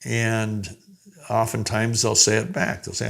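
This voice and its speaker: A man's voice: on the low side, level tone, measured pace, vocal fry, fairly bright tone. An older man giving a conversational lesson on communication as a coach, acting out short quoted lines as he teaches. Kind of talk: teaching talk to a group.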